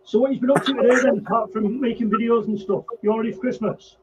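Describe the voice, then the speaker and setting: A man with a notably high voice trades foul-mouthed, blunt banter in a relaxed live chat. His sound comes through dull and lo-fi, with a faint hiss of noise behind it. He talks like a regular at the bar, teasing the others. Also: fast. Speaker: regular co-host. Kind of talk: casual pub-style live chat.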